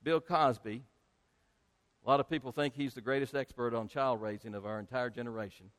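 A male pastor preaching a sermon to his congregation, speaking emphatically and rising to loud peaks. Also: medium pitch, fairly even intonation, fairly quick. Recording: long hall reverb.

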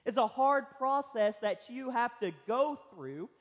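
A man's voice: extremely high pitch, expressive, a little slow. A young male pastor, preaching a sermon and telling stories. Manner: storytelling, acts out other voices. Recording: long hall reverb.

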